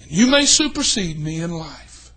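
Fiery older preacher, high bright voice. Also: male voice, big pitch swings, moderate pace. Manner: swings from hushed to shouting, folksy storytelling. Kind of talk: revival sermon.

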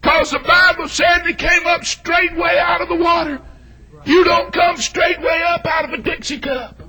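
A middle-aged man with a Southern US accent preaching a fiery, folksy sermon, shouting and whooping with exclamations. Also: extremely high pitch, measured pace, some chatter behind, low-quality recording. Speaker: Baptist preacher. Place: church sanctuary.

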